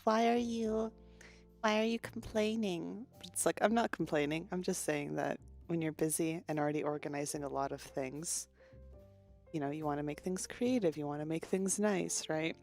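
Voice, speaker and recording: A woman's voice: lowish voice, a little mellow. A woman streamer chatting casually with her viewers, greeting them one by one and sometimes losing her train of thought. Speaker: virtual streamer.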